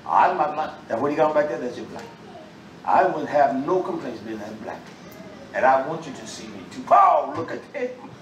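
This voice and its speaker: Man, preacher, sermon, animated street style, loud outbursts, echoey room, distant mic. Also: mid-range voice, moderate pace, slight background noise. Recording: roomy echo, mic far off, faint ambience.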